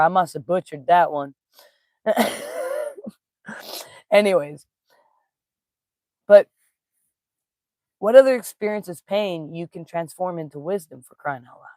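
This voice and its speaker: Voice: medium pitch, no echo, clean studio sound. A spiritual teacher giving a casual live-streamed talk, telling stories with folksy slang and greeting viewers in the chat. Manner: laughs easily, folksy slang.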